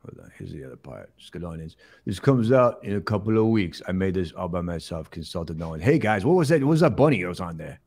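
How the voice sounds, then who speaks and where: A man's voice: deep voice, big pitch swings, a little mellow, exaggerated voice. A man impersonating a mumbling, tongue-tied aging male action-movie star, hosting an improvised comedy sketch. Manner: halting, rambling, tongue-tied. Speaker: comedy show host.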